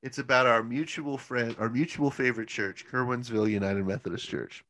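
Man, mid-pitched voice, casual chat, animated storyteller, swears freely, laughs often. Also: brisk.

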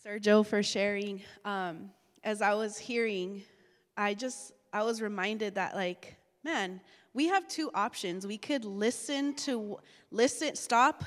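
Woman, church group leader, very slow halting delivery, long hall reverb. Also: mid-range voice. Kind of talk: reflective remarks after a testimony.

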